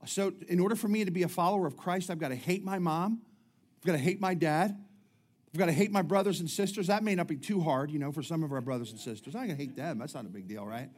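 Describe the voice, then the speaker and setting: A man's voice: fairly high pitch, fast talker, a little mellow. A middle-aged man preaching a sermon, talking in a chatty way with jokes and many restarts. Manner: conversational preaching with humorous asides and frequent restarts. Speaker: pastor.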